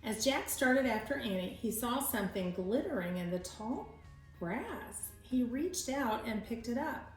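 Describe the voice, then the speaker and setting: A woman's voice: on the high side, animated, unhurried, reverberant, soft background music, rough recording. A woman reading a children's book aloud as a teacher, with chatty asides to her young listeners. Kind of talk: read-aloud storytelling.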